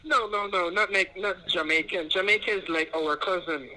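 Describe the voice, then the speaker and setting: A male telemarketer on a phone call, reading a formal sales pitch and calling the listener "sir" again and again. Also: moderate pace, crowd noise. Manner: polite, formal, repeats "sir". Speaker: telemarketer caller. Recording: tinny phone line.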